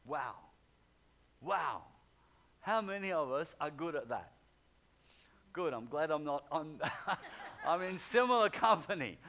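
A man's voice: high voice, fairly bright tone. Man preaching conversationally. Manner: conversational, repeats phrases for emphasis, chuckles. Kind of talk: sermon.

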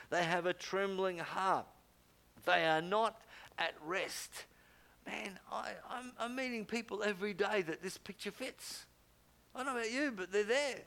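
An older man preaching a sermon, emphatic, with loud exclamations and low quiet asides.

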